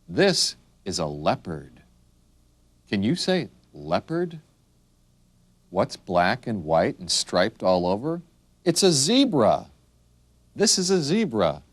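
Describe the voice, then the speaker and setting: A man teaching young children the names of animals in a slow, sing-song way, making the animal sounds. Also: deep voice, no room sound. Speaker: children's video narrator.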